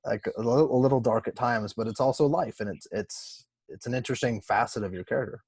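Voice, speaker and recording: A man's voice: medium pitch, quick pace, slightly rough, dry recording. A man from Southern California hosting an interview, asking rambling questions with many restarts. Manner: warm, rambling questions with frequent restarts and laughs. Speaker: podcast host. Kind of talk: casual interview chat.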